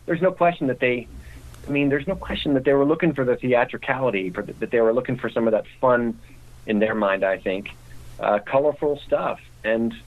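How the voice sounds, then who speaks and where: A man's voice: mid-range voice, brisk, phone-quality sound. A man speaking as a guest in a casual interview, talking conversationally with frequent restarts.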